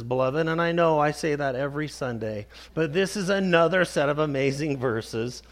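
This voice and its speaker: Male pastor, sermon, high voice, unhurried, emphatic repetition. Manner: slow, emphatic preaching with repeated phrases.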